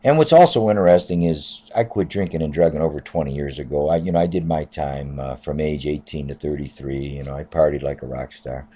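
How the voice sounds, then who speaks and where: A man in his fifties with a low, deep voice tells a story from his taxi rounds. His tone is soft and mellow, and he rambles along casually, stacking up "I said" and "uh" as he goes. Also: fairly quick, hardly any pauses. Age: 50s. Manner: rambling, repeats "I said" and "uh". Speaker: taxi driver.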